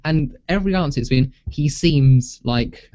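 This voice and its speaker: A young man chats on a podcast, teasing his co-host with laughs and restarts. His voice is mellow and dark, and the recording sounds slightly muffled. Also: fairly high pitch, unhurried. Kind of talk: casual chat. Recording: dull lo-fi sound.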